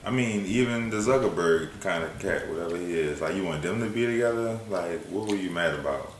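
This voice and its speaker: A man's voice: deep voice, animated, brisk, slight background noise. A man chatting casually about a movie with his partner, asking teasing questions. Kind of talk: casual chat. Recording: echoey room.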